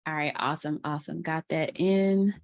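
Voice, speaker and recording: A woman's voice: low-pitched, fairly even intonation, moderate pace. A woman with a New Orleans accent, a guest mentor teaching an online class on a video call, chatty and upbeat with Southern slang. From New Orleans, USA. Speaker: guest mentor, social media coach.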